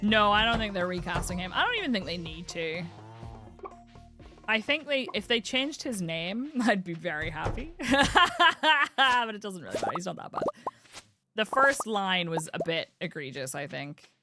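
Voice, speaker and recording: A woman streamer from the UK chatting casually while she plays, thinking aloud and cooing brightly at the game's animals. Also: lowish voice, animated, normal speed. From United Kingdom. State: has the hiccups. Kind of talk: casual live-stream gameplay chat. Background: game music.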